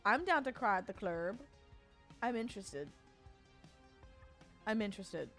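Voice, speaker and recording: A woman's voice: on the high side, sing-song, normal speed, long pauses, fairly bright tone, soft background music. A woman streamer chatting casually and emotionally, giggling, swearing freely and thanking her donors. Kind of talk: casual live-stream chat.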